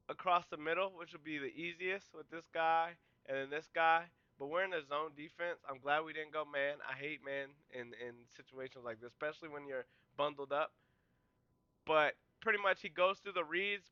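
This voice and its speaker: A man hosting a podcast, casually breaking down game film and walking through each play in a relaxed, conversational way. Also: on the high side, clean tone, no echo, dull audio. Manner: excitable, yells and cheers at big plays; explains plays in a relaxed, conversational way.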